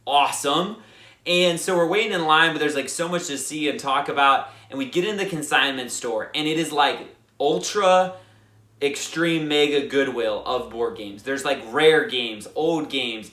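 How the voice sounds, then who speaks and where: A young man hosting a board game channel, telling a lively casual recap full of fillers and acted-out quotes. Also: a little high, unhurried. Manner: animated, lots of fillers, acts out quotes. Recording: echoey room.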